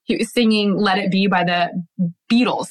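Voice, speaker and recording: A woman's voice: medium pitch, steady tone, normal speed, low-quality recording. A woman guest in casual conversation, telling a story animatedly with frequent laughs, fillers and restarts.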